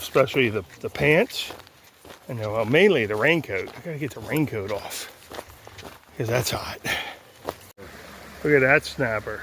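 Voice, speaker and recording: A man's voice: mid-range voice, a little hiss or hum. A man thru-hiking and vlogging outdoors on a rural road walk, chatting casually and cooing at animals along the way. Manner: chatty, coos at animals in a sing-song voice. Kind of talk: casual trail vlog narration.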